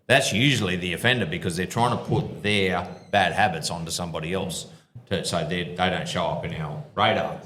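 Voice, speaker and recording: Deep-voiced ex-cop storyteller. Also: male voice, a bit bright, roomy sound, slight background noise. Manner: rambling, restarts, drops into quoted voices. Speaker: podcast co-host, former police officer. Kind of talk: live show storytelling. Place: pub venue with live audience.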